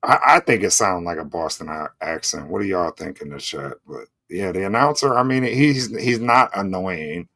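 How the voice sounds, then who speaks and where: Deep-voiced laid-back man chatting. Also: expressive, moderate pace, hardly any pauses, pushed and bright, dry recording, clean studio sound. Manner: laid-back, says "bro" and "you know" a lot. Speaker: podcast co-host. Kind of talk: casual chat.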